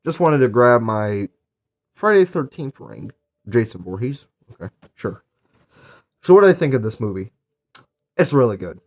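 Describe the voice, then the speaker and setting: A man's voice: medium pitch, very animated, normal speed, long pauses. Rambling young man reviewing a movie. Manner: rambling, filler-heavy, enthusiastic. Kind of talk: casual movie recap and review.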